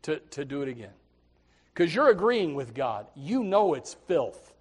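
A man preaches a sermon in a high, lifted voice. He drops into quiet, low asides, then climbs into loud pleading. He often doubles his words as he starts a phrase. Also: very animated, unhurried, breathy edge. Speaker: Baptist preacher.

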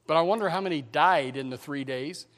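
A man preaching a sermon in a church, emphatic, swinging between loud and quiet. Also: fairly high pitch, brisk. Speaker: pastor. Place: church sanctuary.

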